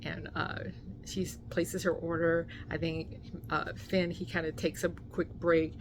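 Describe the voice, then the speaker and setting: Animated woman telling a story. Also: sits low, a little slow, noisy background. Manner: animated storyteller, many fillers, acts out quotes. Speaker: vlogger. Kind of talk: casual story time vlog.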